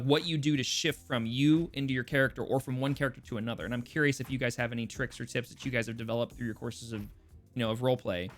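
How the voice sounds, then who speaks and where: A man's voice: medium pitch, a bit bright. A man hosting a role-play podcast, talking in a loose, rambling way with many restarts. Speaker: podcast host. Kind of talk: casual podcast chat.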